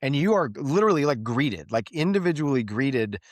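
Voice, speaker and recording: An American man co-hosting a casual podcast, eager and excitable, often breaking off mid-sentence. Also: mid-range voice, fairly quick, dry recording, studio quality. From United States. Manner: enthusiastic, breaks off sentences, "awesome". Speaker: podcast co-host. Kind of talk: casual chat.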